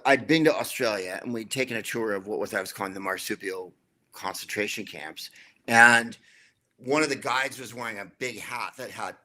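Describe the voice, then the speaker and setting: A middle-aged man, a comedian guest in an interview, telling anecdotes in a wry, dry way with quick asides. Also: lowish voice, sharp tone. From United States.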